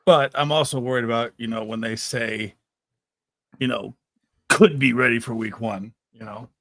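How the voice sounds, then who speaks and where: A man co-hosting a livestream in a quick, chatty way. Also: medium pitch, fairly even intonation, fairly bright tone, dry recording. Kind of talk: casual livestream chat.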